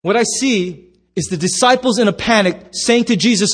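A man with a high, light voice preaches a sermon in a church. He tells stories with animated voices and bursts into shouts now and then. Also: moderate pace, breathy edge. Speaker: pastor.

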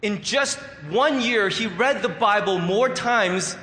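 Pastor, male, high and bright voice, emphatic preaching style with playful asides; echoey sanctuary with a long reverb tail. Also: slow pace. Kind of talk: sermon.

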